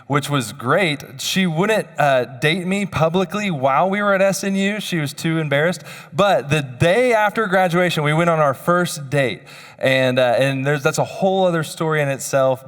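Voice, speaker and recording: A man's voice: fairly high pitch, a bit bright. A man in his thirties giving a chapel sermon, telling personal stories in a conversational, self-deprecating way. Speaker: chapel speaker. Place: university chapel hall. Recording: long hall reverb.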